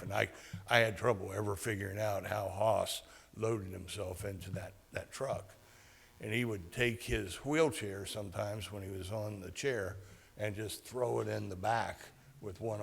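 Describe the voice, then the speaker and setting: A man giving a speech to a club meeting, telling a personal story in a halting way with many fillers and restarts. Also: fairly low pitch, gravelly, fairly bright tone, husky, big-room sound. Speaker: guest speaker at a club meeting. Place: meeting hall.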